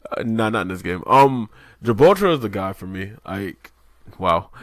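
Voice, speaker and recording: A man's voice: fairly low pitch, lively intonation, moderate pace, dry recording, studio quality. A man co-hosting a podcast in loose casual chat, rambling with lots of fillers and swearing. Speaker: podcast co-host.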